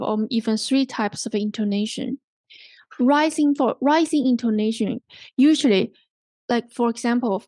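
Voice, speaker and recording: A woman's voice: on the high side, darkish tone, dry recording. A woman with a Hong Kong English accent teaching a workshop on English intonation, patient and repetitive, checking in often with "okay?" and "right?". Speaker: language workshop instructor.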